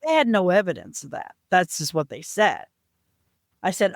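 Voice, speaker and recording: A woman's voice: fairly low pitch, normal speed, gravelly, no echo. Earnest woman telling a family story, dry sound. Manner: earnest, animated retelling with lively voiced quotes. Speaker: podcast guest. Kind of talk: personal storytelling in a podcast interview.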